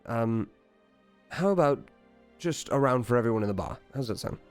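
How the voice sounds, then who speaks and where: A man's voice: medium pitch, expressive, normal speed, faint music behind, close to an everyday voice. A man voicing a boastful, middle-aged male pirate regular who talks in a hearty, familiar way.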